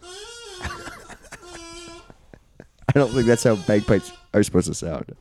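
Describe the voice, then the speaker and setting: A man's voice: mid-range voice, huge pitch swings, slow pace, mellow. A man co-hosting a casual podcast, joking around with a wry, teasing manner. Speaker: podcast co-host.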